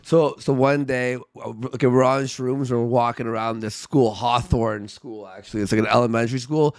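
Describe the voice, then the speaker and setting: A young man hosting a casual late-night chat, an excitable, profane storyteller. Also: mid-range voice, moderate pace, no room sound, studio quality.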